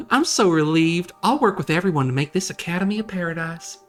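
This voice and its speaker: A woman's voice: fairly low pitch, lively intonation, moderate pace, soft background music, voice pushed up. A woman voicing a bubbly, devout teen girl in a sing-song Southern US accent. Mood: cheery.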